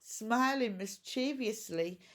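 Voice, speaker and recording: A primary school teacher records a home-learning lesson, patiently explaining each step and asking questions along the way. She speaks slowly in a fairly high voice.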